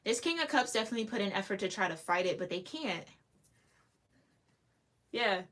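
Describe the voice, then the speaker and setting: A woman giving a casual tarot reading to camera, chatty and giggly with lively asides. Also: medium pitch, moderate pace. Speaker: tarot reader.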